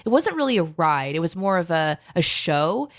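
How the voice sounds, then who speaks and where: A woman's voice: on the low side, very animated, moderate pace. A woman co-hosting a podcast in casual chat, talking animatedly and laughing often. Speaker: co-host.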